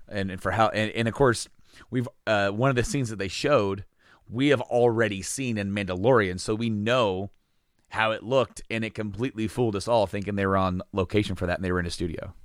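A man's voice: fairly low pitch, dry recording, studio quality. A man co-hosting a casual chat, rambling with many restarts and casual swearing.

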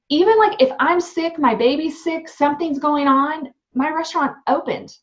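A young woman, a restaurant owner and new mom, telling her story in an interview in a candid, animated way with many fillers. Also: high voice, moderate pace. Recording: dull lo-fi sound.

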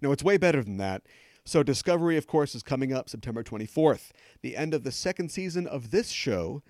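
A man's voice: medium pitch, a little mellow, dry recording. A man hosting a podcast, delivering scripted news commentary with sarcastic, joking asides into a close studio mic. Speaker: podcast host.

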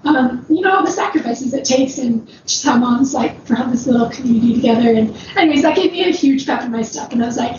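A woman's voice: sits high, fast talker, few pauses. A woman telling a long personal story in a casual, rambling way, with lots of fillers and frequent laughs. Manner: rambling, many "like"s, laughs often. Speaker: ultrarunner guest. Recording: roomy, distant, dull, noisy background.

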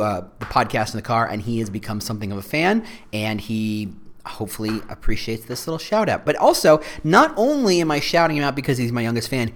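A man hosting a solo podcast, talking in a joking, rambling, self-deprecating way. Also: medium pitch. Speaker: podcast host.

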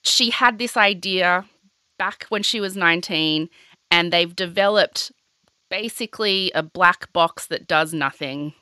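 A woman's voice: fairly low pitch, a little slow, pushed and bright, smooth, no room sound. A young woman hosting a podcast, telling a story in casual, sweary chat full of "like". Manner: chatty, sweary, heavy on filler "like". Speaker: podcast host.

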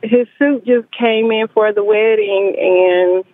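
A young woman calling in to a radio show, speaking softly and holding back tears. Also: medium pitch, steady tone, takes it slowly, dry recording. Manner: fighting back tears, soft. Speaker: caller. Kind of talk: phone call to radio show. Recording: tinny phone line.

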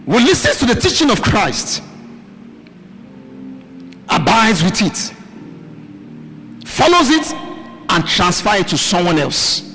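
Preaching man, loud and high-pitched. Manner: preaches in bursts, shouting key words and asking the congregation to answer. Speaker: pastor. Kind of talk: preaching a midweek sermon. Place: church hall with live congregation. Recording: live hall recording, reverb, faint music.

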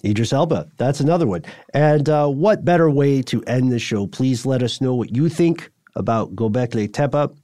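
A man's voice: mid-range voice, animated, moderate pace, hardly any pauses, mellow, no echo, studio quality. A man co-hosting a podcast in casual chat, wry and rambling, thinking aloud with fillers. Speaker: podcast co-host.

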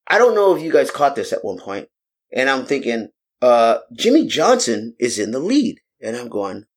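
A man's voice: medium pitch, big pitch swings, fast, breathy edge. A man co-hosting a podcast, telling a long story in casual chat with many fillers and restarts. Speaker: podcast co-host.

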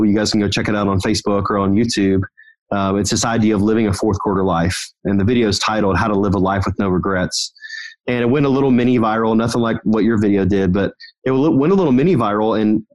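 A man, a podcast guest who runs a company, telling stories and giving earnest motivational advice in an energetic, run-on way. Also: lowish voice, a little fast, rough recording. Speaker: podcast guest, business owner. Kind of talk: motivational storytelling chat.

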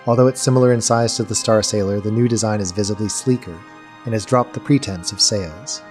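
Low-voiced male game master, soft music. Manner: slow, descriptive storytelling. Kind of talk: narrating a tabletop game.

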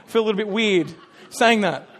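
A pastor with a noticeably high voice delivers a sermon through animated storytelling. He jokes at his own expense along the way and drops into quick little character voices to act his stories out.

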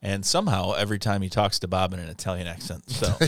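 A man's voice: deep voice, steady tone, fast talker, a bit bright. A man in casual podcast banter, telling a story and acting out his friends' lines. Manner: storytelling, acts out friends' lines in put-on voices.

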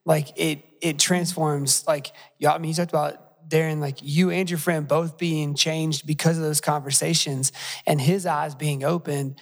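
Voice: mid-range voice, flat delivery, moderate pace, long reverb tail. A podcast host speaking conversationally and reflectively, with many fillers, retelling a story while wrapping up the interview.

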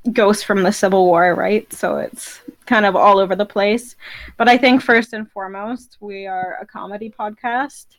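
A young woman with a Canadian accent talks about her podcast in a chatty, giggly, self-deprecating way. Her voice sits at a middle pitch and sounds close and dry, with no room around it. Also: no echo. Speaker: podcast guest, co-host of her own show. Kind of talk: casual interview chat.

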